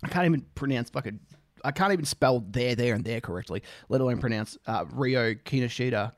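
A man's voice: mid-range voice, brisk, dry recording, studio quality. An Australian man hosting a casual music reaction, rambling, swearing freely and joking at his own expense. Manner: rambling, swears freely, self-deprecating jokes.

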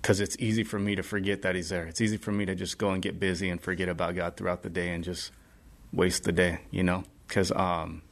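A man's voice: deep voice, level tone, fairly quick. A man as a podcast guest, sharing earnestly in a casual, rambling way full of fillers. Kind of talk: casual testimony chat.

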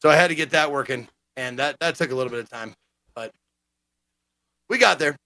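An animated, foul-mouthed man in casual chat, acting out quotes as he goes. His voice sits high and bright. The sound is dry and close. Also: fairly quick, no echo. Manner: animated, profane, acts out quotes. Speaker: gaming podcast co-host.

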